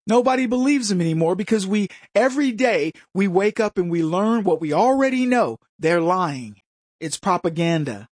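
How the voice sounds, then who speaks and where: A man's voice: high voice, expressive, moderate pace, dry recording, studio quality. A man hosting a commentary show, delivering a combative, mocking opinion monologue and mimicking his opponents.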